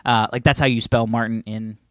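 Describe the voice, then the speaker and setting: A man co-hosting a casual podcast, telling a story and reading a listener letter with lively, swearing outbursts. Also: a little fast, dry recording, clean studio sound. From Iowa. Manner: animated storytelling with swearing and sudden high-pitched outbursts. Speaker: podcast co-host.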